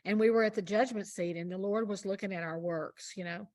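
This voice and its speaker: A woman's voice: mid-range voice, steady tone, fairly quick, darkish tone, no echo. A woman speaking as a guest minister in a casual faith conversation, telling a story earnestly and with emphasis.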